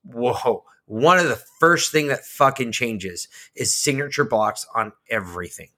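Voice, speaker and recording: A man co-hosting a podcast, ranting heatedly with lots of swearing and swinging between loud outbursts and slow emphasis. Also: mid-range voice, expressive. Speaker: podcast co-host. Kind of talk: casual political chat.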